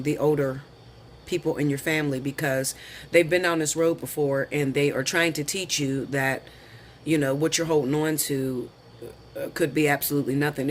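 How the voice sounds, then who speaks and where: A man's voice: on the high side, little pitch movement, a little hiss or hum. A man doing a casual tarot reading, chatty and slangy, calling viewers honey and girl. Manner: lists the cards slowly, then talks them through. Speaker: tarot reader.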